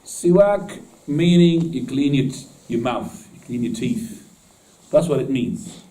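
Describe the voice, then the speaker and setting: Man, class teacher, informal, questions the room, dark mellow voice, distant mic. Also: medium pitch, expressive, slow pace. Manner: explains with gestures, asks the class questions, laughs at own jokes. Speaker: teacher of Islamic law. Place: mosque classroom.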